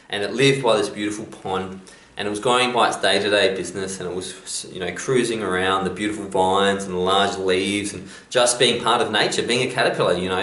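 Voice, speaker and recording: A man's voice: fairly low pitch, fairly bright tone, echoey room. A man giving a chatty motivational talk, telling stories as a self-help vlogger. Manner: chatty storyteller.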